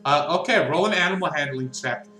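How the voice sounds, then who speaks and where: A man narrating a tabletop game as game master, his voice bright and a bit high. He tells the scene in a lively way, laughing along and raising his voice when things go wrong. The room is echoey, with faint noise underneath. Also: fairly quick. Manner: lively, laughing storyteller who shouts in big moments.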